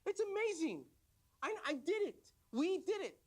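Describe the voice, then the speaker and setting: A man voicing a middle-aged husband who once abused his wife with words and now begs to change, speaking earnestly and fast. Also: sits high, expressive. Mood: overjoyed.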